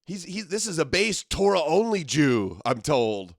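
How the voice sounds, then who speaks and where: A sarcastic male livestream host who talks back to clips and chat in an exasperated tone. His voice sits a little high for a man, and the sound is dry and close, with no room around it. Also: very animated, unhurried, creaky, no room sound. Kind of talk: live commentary reacting to clips.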